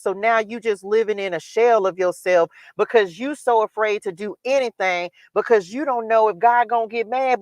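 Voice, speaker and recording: A woman's voice: mid-range voice, a little mellow, no room sound. Candid woman giving a dry spiritual testimony. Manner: candid, repetitive testimony style. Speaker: livestream host. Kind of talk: spiritual motivational talk. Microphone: livestream microphone.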